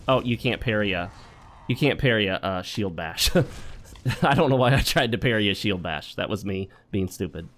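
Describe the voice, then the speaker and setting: A man's voice: lowish voice, a bit bright. A man hosting a gaming channel, chatting wryly through a let's play and mixing in advice talk with joking asides. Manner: chatty and wry, joking asides while playing.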